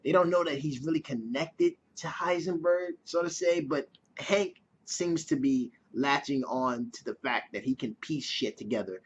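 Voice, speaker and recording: Male reviewer, higher voice, casual and profane, dull lo-fi recording. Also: normal speed, a little hiss or hum. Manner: casual, chatty, swears freely. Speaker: TV episode reviewer.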